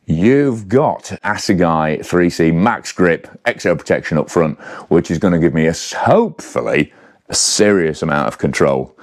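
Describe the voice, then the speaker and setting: Brief: deep-voiced male reviewer, chatty, rambling asides, fixes himself mid-sentence. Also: darkish tone. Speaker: bike reviewer. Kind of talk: casual spec walkthrough to camera.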